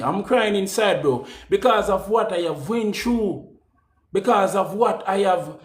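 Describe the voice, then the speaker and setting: Jamaican guy preaching keep pushing, high voice, echoey room, repeats himself a lot. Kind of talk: motivational monologue.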